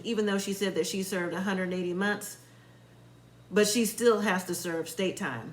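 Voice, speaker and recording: A woman's voice: mid-range voice, fairly bright tone, echoey room, poor audio. A woman giving a casual, opinionated recap of a reality show, acting out what the people said. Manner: chatty, opinionated, acts out quotes.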